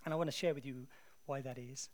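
An English man preaching a sermon in a conversational, animated storytelling way. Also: mid-range voice, fast talker.

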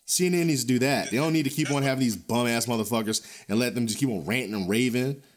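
A man's voice: mid-range voice, quick pace, a little hiss or hum. Profane, ranting male podcast host. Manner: blunt, profane, animated ranting with frequent chuckles; loose, rambling delivery with many restarts and fillers. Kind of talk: casual ranting podcast commentary.

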